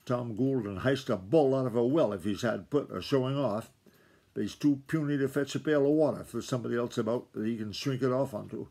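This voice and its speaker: A sly, blustering old country farmer who drawls in thick backwoods dialect and snickers at his own remarks, as a father reading a book aloud puts him on. The voice sits at an ordinary middle pitch. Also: brisk, creaky, mellow. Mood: wheedling.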